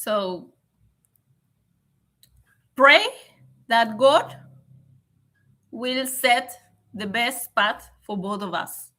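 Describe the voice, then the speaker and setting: A woman chatting on a live stream, close to tears but steady. She speaks very slowly in a bright, slightly high voice and keeps checking in with the viewers. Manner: emotional, measured, often tags sentences with "okay?". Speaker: livestream host. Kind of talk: casual live stream chat, answering comments.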